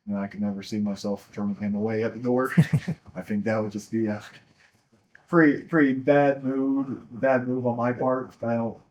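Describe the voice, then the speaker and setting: A man's voice: fairly low pitch, darkish tone, low-quality recording. A young man answering casually in an interview, easygoing and a little hesitant.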